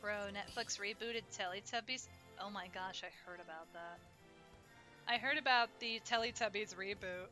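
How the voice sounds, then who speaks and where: A woman's voice: medium pitch, moderate pace, bright, forceful tone. A young woman chatting casually and playfully while streaming a game, often giggling. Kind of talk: casual live-stream chat. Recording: game music in the background.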